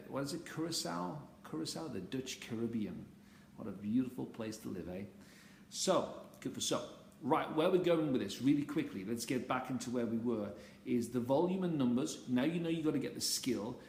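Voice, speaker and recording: A man's voice: mid-range voice, a little mellow. A man with a blunt, casual manner who swears freely, giving a dating coach's talk on a phone live stream. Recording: echoey room with faint ambient noise.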